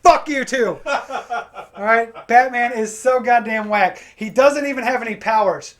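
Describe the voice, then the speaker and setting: A man doing a stand-up comedy set, crude and energetic, breaking into acted-out voices for his punchlines. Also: very high-pitched, measured pace, very noisy. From Pacific Northwest of the USA. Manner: crude, energetic joke delivery with acted-out quotes.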